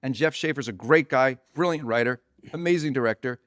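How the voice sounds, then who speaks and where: A male comedian telling a story with animated energy, acting out the people in it. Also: mid-range voice, brisk, no echo, clean studio sound. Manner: animated, breathless, acts out every voice. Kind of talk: podcast anecdote.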